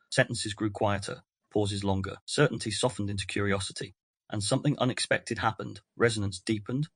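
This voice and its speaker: A man with a fairly low voice narrates a scripted essay in a calm, measured way. He leans on deliberate pauses. The sound is dry, with no room around it. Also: no echo. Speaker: podcast host.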